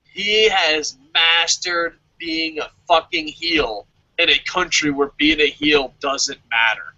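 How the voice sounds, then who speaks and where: A man co-hosting a wrestling podcast, talking excitedly in casual chat, swearing constantly and laughing often. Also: fairly high pitch, takes it slowly, lo-fi sound. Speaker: podcast co-host reviewing a wrestling show. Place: lives in Japan.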